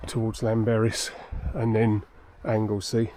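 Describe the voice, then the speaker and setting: He speaks in a lowish, dark-toned monotone at a measured pace, over a little hiss or hum. The man is chatting casually and poking fun at himself while climbing a busy mountain path, slightly winded, filming on a handheld phone held near.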